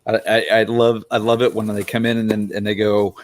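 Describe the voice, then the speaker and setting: A man co-hosting a casual chat, talking in halting bursts with repeated words. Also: fairly low pitch, level tone. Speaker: co-host.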